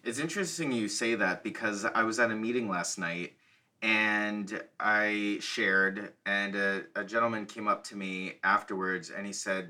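Slow, bright-voiced man sharing sincerely. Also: lowish voice. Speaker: guest. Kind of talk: casual conversation.

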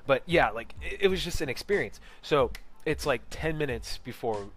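Mężczyzna opowiadający chaotycznie, ze śmiechem. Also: male voice, mid-range voice, lively intonation, normal speed, fairly bright tone, faint music behind. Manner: rambling, laughs often, many restarts and fillers. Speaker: costumed performer telling a story. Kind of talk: casual storytelling. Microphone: close personal mic.

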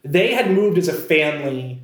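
Male storyteller, rambling and casual, slightly high pitch, roomy echo. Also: lively intonation, normal speed. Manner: rambling, heavy on "like" and restarts. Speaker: podcast co-host telling a story.

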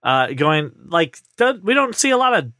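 Animated, opinionated male podcast host. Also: fairly high pitch, normal speed, no room sound, clean studio sound. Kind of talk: casual podcast chat.

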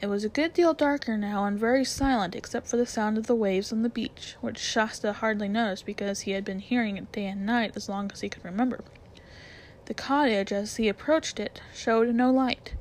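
A woman reading a children's storybook aloud, calm, steady and soft-spoken. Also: fairly high pitch. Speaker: reader. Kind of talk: storybook narration read aloud.

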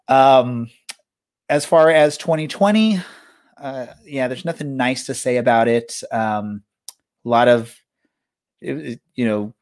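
A man hosting a soccer podcast in casual chat, rambling with many fillers and restarts. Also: medium pitch. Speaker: podcast host.

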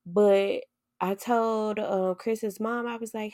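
A woman podcast host shares a personal story in casual chat, animated, acting out what people said and swearing freely. Her mid-range voice is slow, and the sound is clean studio audio with no room sound.

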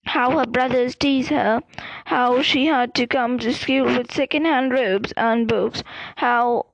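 A woman voicing a calm, manipulative young male wizard in a storybook reading, speaking softly and slowly with quiet menace. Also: fairly high pitch, creaky, dry recording, dull audio. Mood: calm menacing. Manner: soft, calm, slow and pleasant with menace.

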